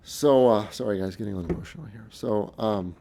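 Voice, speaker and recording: Earnest man with a gravelly low voice. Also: dark tone. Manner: earnest, halting, with frequent restarts. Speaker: speaker recounting his experiences. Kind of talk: casual unscripted monologue.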